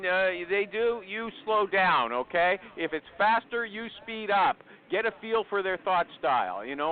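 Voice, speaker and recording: A man hosting a call-in talk show, pushy and challenging, often cutting in. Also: on the high side. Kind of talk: casual phone-in talk show chat. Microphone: phone. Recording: tinny phone line.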